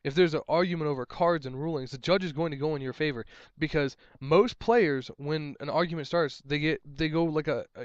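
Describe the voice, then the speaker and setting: A man's voice: fairly high pitch, no echo. Rambling young man with a dull lo-fi sound. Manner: rambling, exasperated, repeats himself. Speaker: tournament judge. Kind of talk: casual advice vlog.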